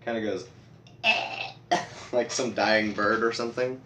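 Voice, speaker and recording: A man's voice: on the low side, steady tone, slow, sharp tone. A teenage boy vlogging in a casual, rambling, goofy way, his voice cracking now and then. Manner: rambling, goofy, self-deprecating. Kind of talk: casual rambling show-and-tell. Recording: echoey room, far from mic, faint hiss.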